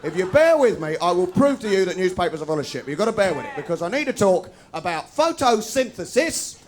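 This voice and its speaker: A man performing a fast, sarcastic stand-up routine for a live audience, ranting and then breaking into sudden shouts. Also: high voice, sing-song. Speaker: stand-up comedian. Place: students' union bar with live audience.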